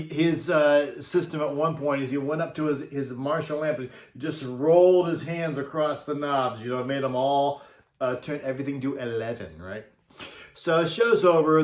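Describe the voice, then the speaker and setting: A laid-back man spinning a backstage story in a relaxed, chuckling manner, his voice sitting in the middle range. The recording carries a roomy echo. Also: medium pitch. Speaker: concert monitor engineer. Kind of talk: casual storytelling.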